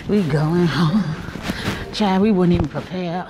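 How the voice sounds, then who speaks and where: A tired, worn-out middle-aged vlogger from Alabama, with a Southern US accent and a lowish voice, chats directly to her viewers at a moderate pace. She walks through hospital corridors and rooms holding her phone, filming a casual handheld vlog. The phone mic picks up plenty of noisy hospital ambience.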